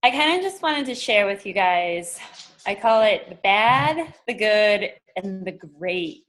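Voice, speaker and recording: A woman team member sharing her experience on a call, earnest and quick. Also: mid-range voice, lively intonation, a bit bright, a little hiss or hum.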